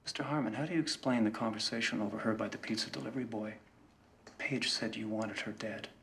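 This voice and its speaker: An actor playing a sharp male attorney who cross-examines a witness with pointed, probing questions in a courtroom film drama. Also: on the low side, steady tone, fast, vocal fry, a little hiss or hum. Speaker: trial attorney.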